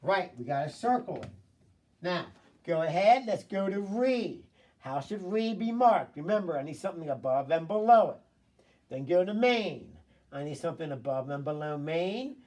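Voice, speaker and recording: Man, phonics teacher, encouraging, slow sounding out, slightly distant mic. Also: fairly high pitch, sing-song, darkish tone. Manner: encouraging, prompting, sounds words out slowly. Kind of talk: recorded remote phonics lesson.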